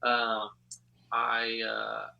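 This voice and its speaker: Slow, gravelly hesitant guitarist. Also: male voice, medium pitch, monotone, dull audio, crowd noise. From Texas. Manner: hesitant, halting. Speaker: band guitarist.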